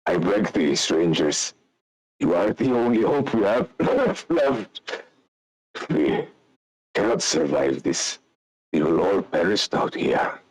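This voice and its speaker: A man's voice: sits low, very animated, slow, no echo, heavily acted, poor audio. A man voicing a weary old vintner who heads his family, pleading in old-fashioned speech. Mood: desperate. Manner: gruff, pleading, archaic speech.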